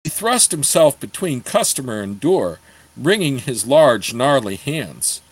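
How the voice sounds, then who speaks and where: A man's voice: mid-range voice, a little slow, breathy edge, no echo, low-quality recording. Man reading a fantasy novel aloud. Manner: steady storytelling, apologizes for page turns. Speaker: audiobook reader.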